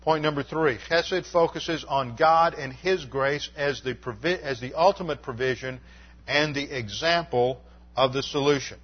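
Man, pastor, sermon, measured teaching delivery, mid pitch, muffled lo-fi recording. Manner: measured teaching, reading scripture aloud.

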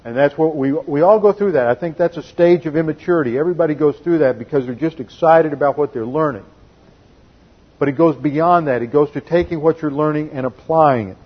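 A man's voice: on the high side, a little fast, breathy edge, muffled recording. A man giving a methodical sermon that teaches doctrine step by step and reads scripture aloud. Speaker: pastor.

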